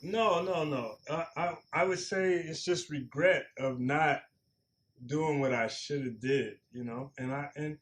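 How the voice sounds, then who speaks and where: A man's voice: on the high side, unhurried. A man in his forties, a former pro football player, talking earnestly and plainly as a guest, repeating himself for emphasis. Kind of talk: reflective interview talk.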